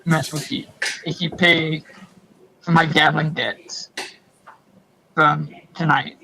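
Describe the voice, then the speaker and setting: A man's voice: on the high side, little pitch movement, slow pace, creaky, pushed and bright, a little hiss or hum, low-quality recording. A man playing his character in a tabletop game, hesitant with many ums and casual slang, on a faulty computer mic over a voice call. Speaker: player. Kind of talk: tabletop role-play, speaking in character. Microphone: faulty computer mic over online voice call.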